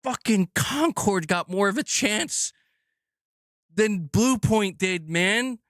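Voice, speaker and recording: A man with a high voice rants on his gaming news channel, furious and swearing constantly. He circles back to the same lines and repeats them. The sound is close and dry, with no room around it. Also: slow pace, fairly bright tone, no room sound. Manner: swearing, heated, repeats himself. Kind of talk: angry rant.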